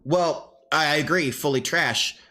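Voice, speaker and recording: A man in casual chat, explaining his opinions at length and acting out quick voices. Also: a little high, pushed and bright.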